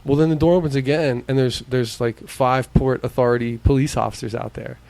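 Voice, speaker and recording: A man's voice: mid-range voice, fairly quick, vocal fry. A man from Arizona, co-hosting a podcast, telling a story casually and acting out the people in it, swearing freely. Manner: animated, acts out quoted voices, swears freely. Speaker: podcast co-host.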